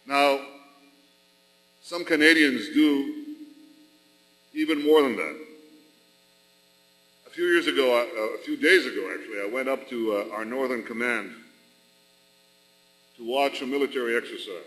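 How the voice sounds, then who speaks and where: A man from Israel addressing a large rally, speaking slowly and deliberately with emphatic, repeated phrases. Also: medium pitch, fairly bright tone. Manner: slow, deliberate, emphatic with rhetorical repetition. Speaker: national leader addressing a rally. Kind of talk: formal public speech. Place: large arena. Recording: long arena reverb.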